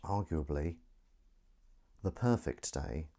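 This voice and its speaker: A man's voice: extremely low pitch, animated, takes it slowly, dark tone. A man hosting a casual solo livestream, rambling and self-mocking while he sets up and greets viewers. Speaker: livestream host.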